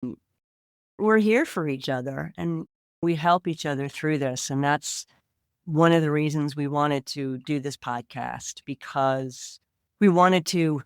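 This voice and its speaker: A woman's voice: low voice, measured pace, smooth, dry recording, clean studio sound. A woman co-hosting a podcast, talking in an earnest, reflective way. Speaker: podcast co-host. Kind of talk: casual podcast chat.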